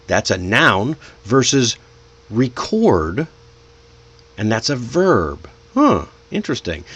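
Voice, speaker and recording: A man teaching English pronunciation as a native speaker. He explains with energy and encouragement and draws out the example words to demonstrate them. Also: medium pitch. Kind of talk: teaching lesson.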